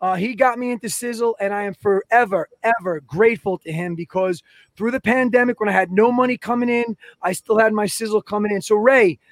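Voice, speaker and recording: A man's voice: sits high, brisk, no room sound. A man hosting a podcast, telling long, rambling stories and acting out the voices and sound effects of the people in them. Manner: animated, acts out quoted voices and sound effects. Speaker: podcast host. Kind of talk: casual podcast storytelling.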